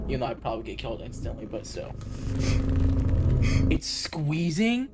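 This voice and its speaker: A man streaming and reacting casually, talking in an excitable, rambling way full of fillers. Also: mid-range voice, normal speed, long pauses. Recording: noisy home mic.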